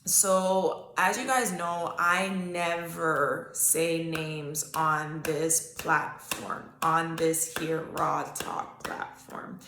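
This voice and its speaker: A woman's voice: sits low, steady tone, extremely slow, few pauses, sharp tone, echoey room, a little hiss or hum. A woman hosting a solo podcast, chatting casually and talking straight to her listeners with frequent okays. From Canada. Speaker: podcast host. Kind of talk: solo psychic-reading podcast talk.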